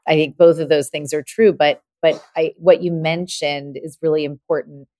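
A woman podcast host who reflects aloud and builds on her guest's points in a relaxed interview. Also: deep voice, moderate pace, dry recording.

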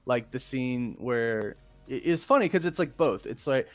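A man hosting a relaxed film-review podcast, talking in a lively, animated way. His voice sits in the middle range for a man. The sound is close and dry, with no room echo. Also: medium pitch, a little slow, soft background music. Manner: animated, acts out quoted movie lines. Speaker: podcast host. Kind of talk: casual film review chat.

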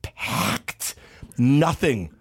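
A man co-hosting a comedy podcast, rambling through stories with jokes and quick asides. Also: medium pitch, very animated, husky. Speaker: podcast co-host. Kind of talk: casual comedic chat.

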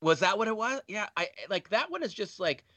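A man's voice: sits high, lively intonation, fairly quick, pushed and bright, no echo. A man in casual chat, speaking sarcastically.

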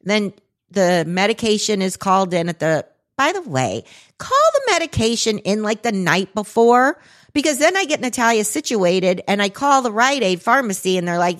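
An animated woman, a podcast co-host, tells a story at a normal speed in a casual storytelling chat, acting out quotes with big jumps in pitch.

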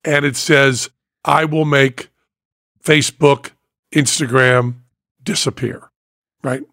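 A man's voice: medium pitch, fairly even intonation, slow pace, a bit bright, dry recording, studio quality. An older man co-hosting a podcast in casual chat, telling stories, mimicking voices and laughing often. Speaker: podcast co-host.

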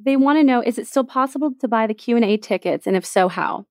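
A woman co-hosting a casual chat, reading out audience questions in a brisk, chatty way. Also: a little high, lively intonation, clean tone, dry recording, studio quality. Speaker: podcast co-host.

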